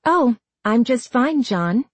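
A woman's voice: on the high side, expressive, takes it slowly, husky, no echo, pitched above the performer's own voice, heavily acted. A woman voicing a falsely cheerful girl imposter with an eerie sweetness.

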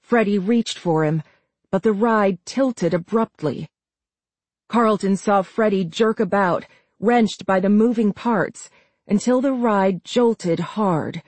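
A woman narrating a horror novel as an audiobook, reading in a slow, measured way. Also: medium pitch, darkish tone, no echo. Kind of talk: scripted narration.

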